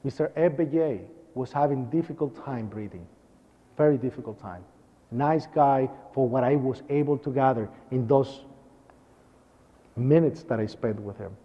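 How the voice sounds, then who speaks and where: A man's voice: medium pitch, a little slow. A man recounting a traumatic eyewitness story to a lecture audience, vividly acting out sounds and cries. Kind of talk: dramatic first-person storytelling to an audience. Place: lecture hall. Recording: dull lo-fi recording with long hall reverb.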